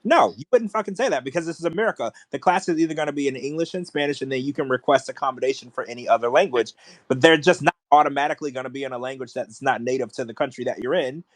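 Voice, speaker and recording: A man's voice: mid-range voice, rapid-fire, no echo. A man co-hosting a podcast, ranting in casual chat with strong opinions. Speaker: podcast co-host.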